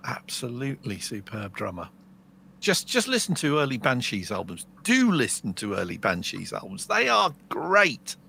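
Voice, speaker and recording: A man's voice: medium pitch, huge pitch swings, normal speed, creaky, bright, forceful tone, slight background noise. An English man co-hosting a podcast, telling long rambling stories in casual chat. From England. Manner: chatty, rambling storyteller. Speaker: podcast co-host.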